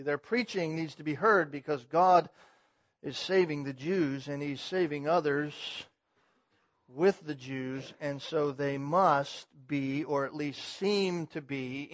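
A man preaching an expository sermon, verse by verse, building emphasis on key points. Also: fairly high pitch. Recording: slightly muffled lo-fi sound.

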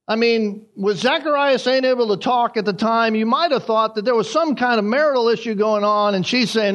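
A man preaching an expository sermon, animated, acting out the crowd's reactions as he retells the story. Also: extremely high pitch, brisk, few pauses, muffled recording.

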